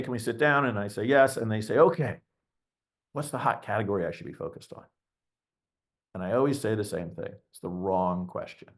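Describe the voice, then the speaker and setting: A middle-aged man, a venture investor speaking as a webinar guest, talking bluntly and candidly, ranting and acting out quoted voices. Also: fairly low pitch. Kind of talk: candid conversational webinar talk.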